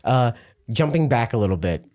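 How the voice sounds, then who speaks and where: A man hosting a casual interview, giving short affirming replies and asking quick follow-up questions. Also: medium pitch, big pitch swings, a little mellow. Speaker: podcast host.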